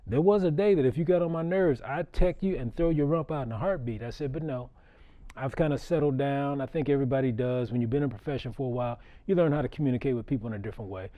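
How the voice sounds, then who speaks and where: A man's voice: medium pitch, fast, dull audio. A middle-aged man, a basketball referee, telling a story to an audience in a conversational way, chuckling and repeating words as he restarts. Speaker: basketball referee giving a talk. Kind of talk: storytelling public talk.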